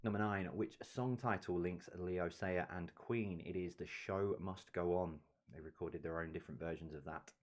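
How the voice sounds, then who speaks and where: A man with a deep, low voice works through a quiz round by round. He reads each question, gives the answer, and now and then drops in a relaxed aside. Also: moderate pace. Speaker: quiz host. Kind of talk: live-streamed pub quiz answer reading.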